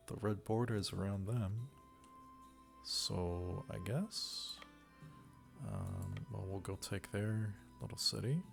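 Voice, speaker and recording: A man's voice: on the low side, takes it slowly, creaky, soft background music. A man casually commenting on a strategy game as he plays, musing wryly to himself. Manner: musing, wry, talks to himself while playing. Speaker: let's play gamer.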